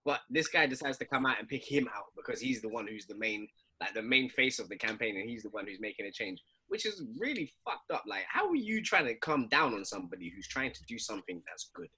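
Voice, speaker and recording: A man's voice: mid-range voice, fast, husky. A man talking emphatically in a casual podcast chat with friends. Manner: emphatic, lively ranting. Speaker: podcast co-host.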